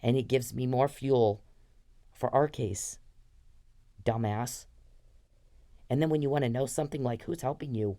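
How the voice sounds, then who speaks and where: A woman's voice: very deep voice, a little fast, dark tone. A woman in her fifties hosting a podcast, ranting in an angry, profane, accusatory monologue aimed straight at one person. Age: 50s. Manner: angry, profane, accusatory, addressing someone directly. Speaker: podcast host.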